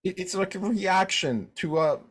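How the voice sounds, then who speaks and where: A man's voice: high voice, animated, moderate pace, slightly rough. A man in an improv comedy scene, playing a touchy, prickly brother who rambles with many "like" fillers. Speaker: improv performer.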